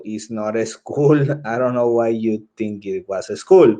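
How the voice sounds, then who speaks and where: A man leads an English lesson at an unhurried, slow pace. He lays out each task step by step and repeats instructions patiently. He often pauses to check that the class is following with a quick "okay?". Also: on the low side, mellow. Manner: explains step by step and repeats himself. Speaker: English teacher.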